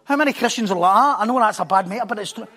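A man preaching a sermon, telling a story with animated repetition and stumbling restarts. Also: high-pitched, racing.

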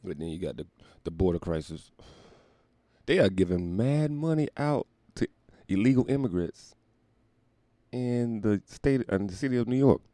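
A man's voice: lowish voice, expressive, normal speed, long pauses, warm tone, dry recording. A man delivering a casual comedic rant, profane and rambling, often laughing and slipping into mock voices. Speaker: comedic commentator.

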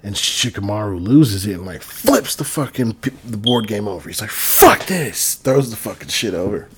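A man's voice: fairly low pitch, fairly quick, noisy background. A man talking in a loose, rambling, profane casual monologue. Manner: rambling, profane, laid-back. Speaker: vlogger.

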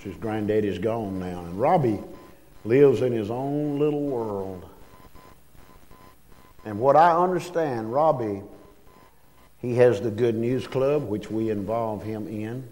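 A male pastor, preaching a sermon in a church, reading scripture and praying in a slow, emphatic way that swells as he goes. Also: high voice, a little mellow. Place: church sanctuary.

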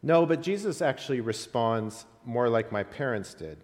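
A man's voice: mid-range voice, lively intonation, moderate pace, darkish tone. Male pastor delivering a sermon with storytelling emphasis, mid-range voice, recorded with a long echoing reverb.

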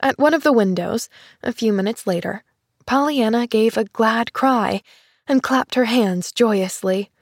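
Slow, gentle woman narrating a storybook. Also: fairly high pitch, no echo, studio quality. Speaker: audiobook narrator.

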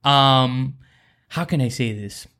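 An earnest man talks through a personal story with a co-host in a faith-centered conversation. His voice sits at an ordinary pitch, and he restarts his sentences often as he feels his way through it. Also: slow, bright, forceful tone. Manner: earnest, rambling with many restarts.

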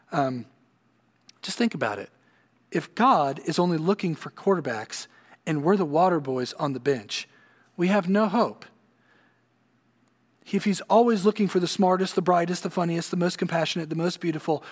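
A man preaching a sermon, building to emphatic peaks and then dropping low and quiet. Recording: long hall reverb.

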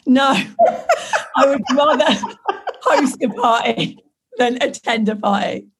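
A woman with a croaky, husky voice full of gravelly fry, hoarse from illness. She talks as a podcast guest in casual chat. Her answers are blunt and emphatic, and she laughs often. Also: high voice, wildly swooping pitch, slow.

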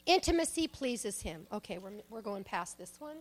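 A woman preaching a sermon, emphatic, shifting between loud exhortation and soft asides and personal stories. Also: medium pitch, very animated, normal speed, soft background music. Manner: tells personal stories, acts out quoted speech.

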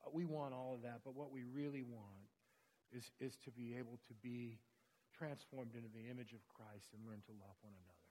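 A man's voice: medium pitch, moderate pace, slight background noise. A man preaching a sermon, telling stories in an earnest, conversational way.

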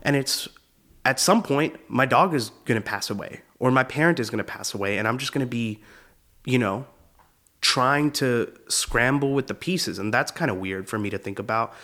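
Male comic, 20s, mid-pitched voice, loose rambling monologue, laughs easily. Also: normal speed, pushed and bright. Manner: rambling, laughs at own stories, acts out quotes. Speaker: comedian host. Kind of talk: casual comedic monologue.

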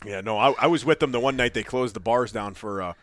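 A fast-talking man, trading jokes and bar stories on a podcast. His voice is bright and forward, with a dry close sound. He laughs through his banter. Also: mid-range voice, no echo. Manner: quick, laughing, joking banter. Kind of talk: casual chat.

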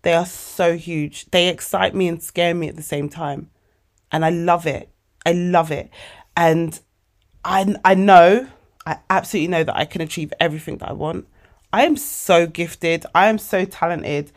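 A woman of forty, hosting a casual motivational podcast monologue, animated and emotional, calling her listeners babes. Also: fairly low pitch, normal speed. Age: 40s. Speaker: podcast host.

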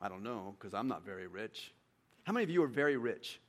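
A little fast and full of animation, a pastor delivers his sermon while acting out conversations with his congregation. His voice rises high and loud for emphasis and then drops back down quietly.

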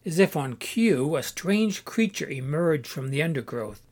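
A man narrating an allegorical storybook in a calm, measured reading voice. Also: on the high side.

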